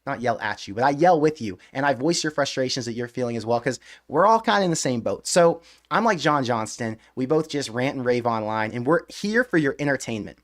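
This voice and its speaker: Young male livestream host, rapid and animated, reads chat comments and rants about his team. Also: mid-range voice. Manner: rapid, animated ranting with frequent restarts. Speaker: sports fan channel host. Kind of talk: casual livestream chat reading viewer comments.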